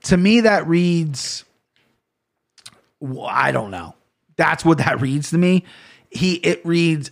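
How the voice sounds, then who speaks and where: A man talking to camera in a casual solo rant, rambling and cursing freely, with bursts of loud mock outrage. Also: on the high side, lively intonation, slow pace, vocal fry, pauses often. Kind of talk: casual solo rant about gear and fight news.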